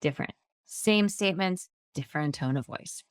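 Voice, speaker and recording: A woman's voice: sits low, moderate pace, clean tone. A woman hosting a podcast, teaching customer service in a conversational monologue and demonstrating tone with everyday examples.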